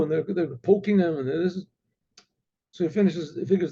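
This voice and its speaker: A man, a rabbi, telling a story in a halting, repetitive way full of asides. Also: high-pitched, creaky, dark tone, slightly rough, highs cut off. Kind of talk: oral storytelling.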